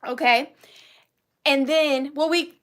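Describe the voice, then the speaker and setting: A woman's voice: high-pitched, steady tone, slow. A woman hosting a live vintage sale online, chatting casually and rambling happily to her viewers. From Georgia, US. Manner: chatty, rambling, giggly, talks to viewers by name. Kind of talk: casual live-stream selling chat.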